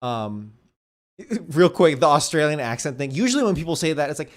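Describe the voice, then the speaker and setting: A man's voice: a little high, very animated, moderate pace. A man co-hosting a movie podcast, chatting in a laid-back way, laughing easily and calling his friend dude. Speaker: podcast co-host. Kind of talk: casual movie review chat.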